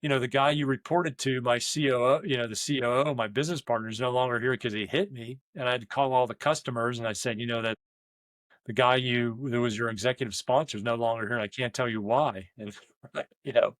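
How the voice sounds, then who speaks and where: A man's voice: mid-range voice, steady tone, fast, fairly bright tone, no echo. Man telling stories in a dry close recording. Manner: rambling, with frequent restarts and quoted asides. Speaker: leadership coach and business owner. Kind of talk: candid conversational storytelling.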